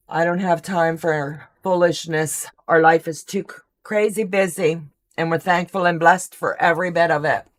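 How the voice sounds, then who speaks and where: A woman hosting a live sewing stream, chatting casually and reading viewer comments aloud in an effusive, gushing, readily emotional way. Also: low voice.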